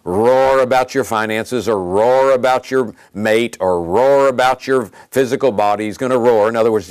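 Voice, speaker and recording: A man preaching a sermon in an emphatic, animated way, often repeating phrases for stress. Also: mid-range voice, no echo.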